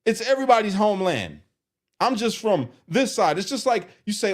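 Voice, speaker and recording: A man doing live commentary on viewer comments, animated and exasperated as he reads them aloud. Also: high voice, brisk. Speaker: streamer reacting to comments.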